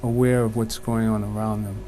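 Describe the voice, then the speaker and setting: A man hosting a live talk show, speaking in a loose, halting way with many fillers. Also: on the low side, flat delivery, warm tone, a little hiss or hum. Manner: calls himself an old-time activist, loose and halting. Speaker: host.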